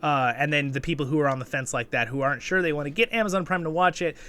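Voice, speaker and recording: A man hosting a casual episode review, chatty and rambling, often tagging "right?" and jumping up in excitement. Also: fairly high pitch, fast talker, smooth. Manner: animated, with sudden excited jumps. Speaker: show reviewer and channel host.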